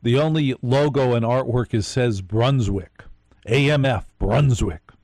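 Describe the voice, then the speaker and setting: Mellow-voiced man hosting late-night radio. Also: medium pitch, unhurried, no echo, clean studio sound. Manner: rambling storyteller, talks to listeners directly. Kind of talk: live radio monologue.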